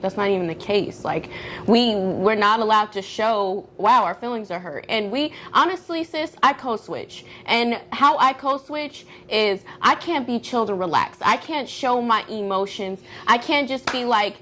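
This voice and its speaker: A woman in her thirties co-hosting a casual podcast, talking in an animated way and acting out the voices of people she quotes. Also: on the high side, measured pace. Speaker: podcast co-host. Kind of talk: casual chat.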